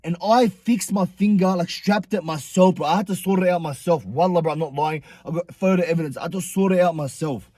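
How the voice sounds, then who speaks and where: A young man vlogger telling a story in an animated, profane, slangy way. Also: high voice, fairly quick, hardly any pauses, no room sound. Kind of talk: storytime vlog.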